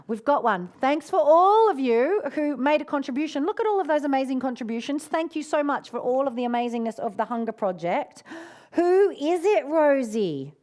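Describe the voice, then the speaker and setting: A woman's voice: high voice, expressive, moderate pace, a little mellow. A woman hosting a live online session, effusive and encouraging, who calls her viewers darling and often gasps and cheers. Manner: affectionate, calls people darling. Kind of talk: live-streamed casual talk to viewers.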